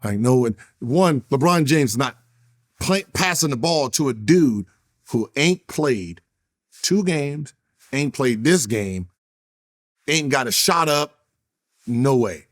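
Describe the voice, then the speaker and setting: A man telling a basketball story in casual interview chat, profane and animated, acting out quotes in a raised voice. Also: medium pitch, slow, long pauses. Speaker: interview guest, former basketball player.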